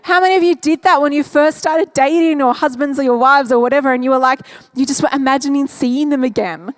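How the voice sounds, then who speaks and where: A woman, preaching a sermon in a chatty, animated way, acting out quotes and laughing often. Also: sits high, fast.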